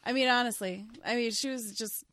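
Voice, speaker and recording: A woman co-hosting a casual movie review chat, blunt in her opinions and quick to laugh. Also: a little high, a bit bright. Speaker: co-host.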